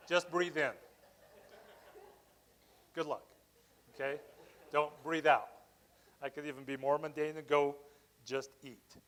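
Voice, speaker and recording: Man, fairly high voice, giving an animated, chatty Sunday sermon that keeps asking "okay?". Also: a little slow, pauses often, rough recording. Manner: lively, conversational, often asks "okay?". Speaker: practitioner giving the Sunday talk.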